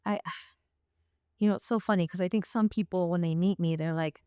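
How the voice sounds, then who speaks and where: A woman guest on a podcast, casually telling a personal story in a lively, animated way. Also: lowish voice, normal speed, smooth, dry recording, studio quality. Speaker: podcast guest, playwright and performer.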